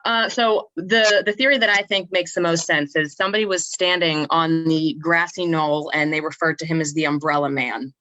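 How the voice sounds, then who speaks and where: Low-voiced chatty woman co-host. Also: fairly even intonation, normal speed, few pauses, bright, forceful tone, dry recording, lo-fi sound. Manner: chatty, laughing, restarts her sentences. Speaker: podcast co-host. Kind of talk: casual chat.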